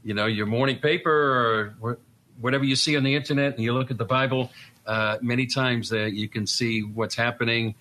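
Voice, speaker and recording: A man with a Boston accent explaining things earnestly as a guest in a conversational discussion, often pausing on fillers and restarting. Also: mid-range voice, steady tone, bright, forceful tone. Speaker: guest commentator.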